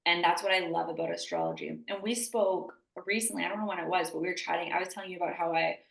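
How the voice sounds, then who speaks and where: A woman hosts a relaxed podcast chat, full of emphatic enthusiasm and loose "like" fillers. Her voice sits low with a gravelly edge. She is heard from some distance in an echoey room. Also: fast. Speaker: podcast host. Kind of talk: casual conversational interview.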